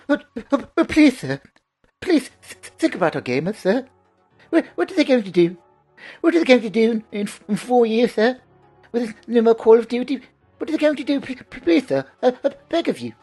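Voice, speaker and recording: A man putting on a whiny, stammering British male executive who begs and pleads in a high voice as a mocking impression. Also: sing-song, a little fast, darkish tone, slightly rough, faint music behind, exaggerated voice. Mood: whiny pleading.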